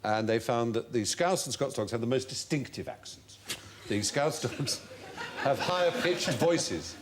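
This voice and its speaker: A man's voice: mid-range voice, measured pace, slight background noise. A man hosting a comedy quiz show, telling odd facts in an amused, chuckling way. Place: TV studio.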